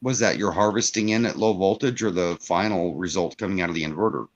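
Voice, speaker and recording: A man's voice: low voice, quick pace. A man in casual chat, explaining wiring matter-of-factly to a friend.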